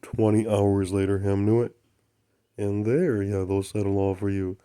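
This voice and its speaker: This channel host's voice sits fairly low, with a steady, clear, resonant tone and a slightly slow pace. He wanders through a spiritual tale in broken grammar, repeating affirmations in a chant-like way and at times falling to soft unvoiced murmurs.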